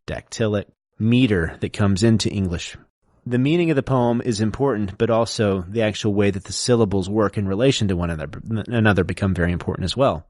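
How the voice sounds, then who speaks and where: Low-voiced man lecturing in casual chat. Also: a little mellow, no echo, studio quality. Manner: lecturing, explains step by step. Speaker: podcast co-host and teacher.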